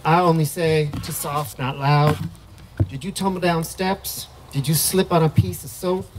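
A man's voice: fairly high pitch, steady tone, unhurried, background noise, voice pushed up, natural voice. A man doing a Southern American accent to voice a preacher-like figure calling out to his people in a poetry reading. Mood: preaching.

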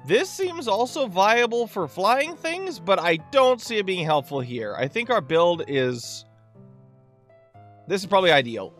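A man's voice: sits high, a little slow, faint music behind. A man hosting a gaming channel, giving let's play commentary, talking to himself and the enemy, with sudden whoops and yelps while fighting. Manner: excitable, yelps and whoops during combat; talks to the boss and himself.

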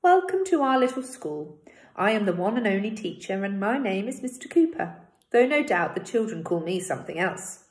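A woman voicing an old male village schoolteacher in a read-aloud story, speaking clearly, measured and kind. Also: medium pitch, big pitch swings, lightly acted. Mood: kindly firm. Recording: roomy echo.

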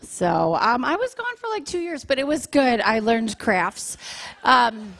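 A woman comedian performing a stand-up routine on stage, animated with deadpan punchlines. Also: fairly high pitch, a little slow, vocal fry. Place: church comedy venue on stage.

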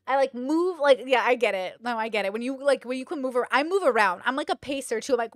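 A young woman hosting a reaction stream, talking in a chatty, animated way. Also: high-pitched, fast, hardly any pauses, no echo, studio quality. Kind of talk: casual reaction commentary.

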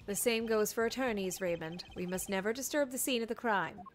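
A woman voicing a composed male prosecutor in a fan dub of a game, speaking in a measured, formal and lightly scolding way. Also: medium pitch, soft background music, natural voice.

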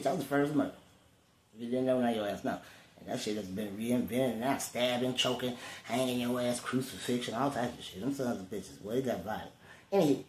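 A man's voice: medium pitch, slight background noise. Profane, rambling man preaching casually. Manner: profane, rambling preacher-like talk with loud bursts. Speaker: vlogger. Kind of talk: casual spiritual monologue. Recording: roomy with faint ambience.

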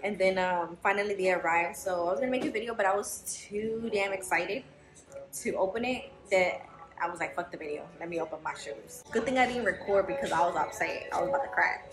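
Young woman vlogger, blunt and profane, mid-pitched voice, roomy echo, music under her. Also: fairly quick. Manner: frank, swears freely, chatty storytelling. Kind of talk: casual chat to camera.

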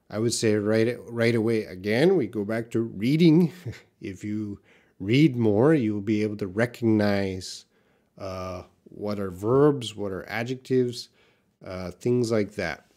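A middle-aged man from Canada with a light Canadian accent, answering viewers' questions in a live English lesson and thinking aloud with many pauses and restarts. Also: on the low side. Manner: relaxed, thinking aloud with frequent uhs and restarts. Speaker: English teacher.

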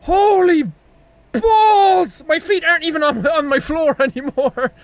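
A young Irish man giving loud, panicky let's-play commentary, yelping, laughing and swearing at a scary game. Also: very high-pitched, slow pace, no room sound. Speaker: gaming video host.

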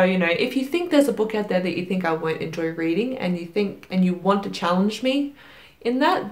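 In an echoey room, a young adult woman with a mid-range voice runs through her monthly reading wrap-up for her book vlog. She's chatty and self-deprecating, full of fillers and little laughs.

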